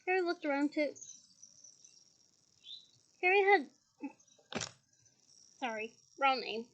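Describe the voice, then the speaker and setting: High-voiced woman reading a novel aloud. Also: animated, takes it slowly, fairly bright tone, muffled recording. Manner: breaks off with chatty asides and laughs at slips. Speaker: audiobook reader.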